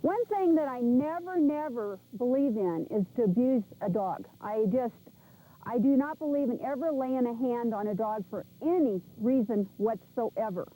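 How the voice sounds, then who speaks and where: High-voiced woman dog trainer teaching. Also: lively intonation, normal speed, mellow, low-quality recording. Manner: emphatic, repeats commands firmly. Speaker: animal trainer. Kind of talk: instructional class talk. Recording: VHS video recording.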